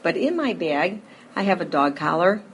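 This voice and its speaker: A middle-aged woman giving a personal recovery testimony to a live audience, telling her story in a lively way, acting out scenes, with frequent fillers. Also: on the low side, moderate pace, a little hiss or hum. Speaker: speaker sharing a recovery story.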